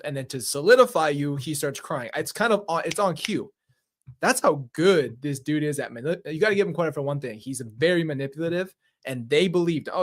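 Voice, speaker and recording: A man with a fairly high voice hosts a true-crime reaction commentary, casual, mocking and exasperated, laughing and swearing as he goes.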